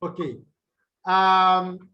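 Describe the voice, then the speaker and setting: This Nigerian man teaches English in an online video-call lecture, speaking very slowly in a high-pitched, steady voice on dull-sounding audio. He goes over points again and checks his students by asking "what?"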